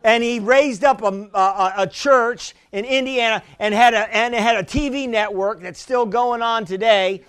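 A man with a strikingly high voice preaches with fervor, stumbling over repeated words as he presses his point. The sound is dry and close, with no room around it. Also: measured pace, few pauses, a bit bright, clear, resonant tone, no room sound. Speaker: pastor. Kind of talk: sermon.

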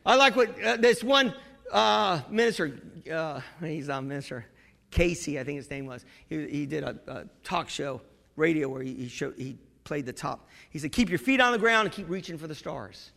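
A man preaching a sermon, moving between quiet storytelling and shouted exhortation to the congregation. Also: fairly high pitch, lively intonation, normal speed, creaky. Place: church. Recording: long reverb of a church hall.

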